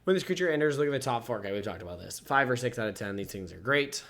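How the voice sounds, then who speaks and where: A card game reviewer with a medium-pitched, fairly bright voice races through a casual set review, animated even as he yawns now and then and sounds sleepy. He reads each card's text aloud and rates it out of ten.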